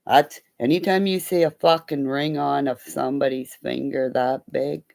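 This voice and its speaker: Her voice is gravelly and rumbling low, delivered at normal speed. This middle-aged live streamer rambles through profane anecdotes in casual conversation, lively as she acts out the voices of everyone involved.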